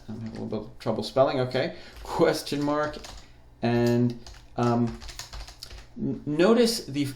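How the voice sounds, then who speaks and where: A programming teacher with a mid-range voice talks through each step of a screen-recorded coding lesson as he types on a keyboard. He's relaxed and thinks aloud while typing. The audio is reverberant with a little hiss or hum.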